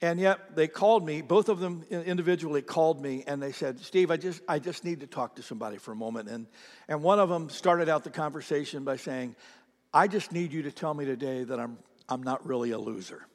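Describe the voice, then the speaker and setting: A middle-aged man preaching a sermon as pastor, swinging from loud, emphatic declarations to hushed near-whispers and repeating lines for emphasis. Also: a little high, fairly quick. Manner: repeats lines for emphasis, speaks directly to the congregation. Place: large church sanctuary. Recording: church hall with long reverb.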